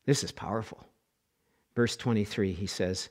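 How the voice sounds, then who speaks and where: A middle-aged man preaching a sermon as pastor, animated, acting out quoted voices and repeating words as he goes. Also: a little high, unhurried.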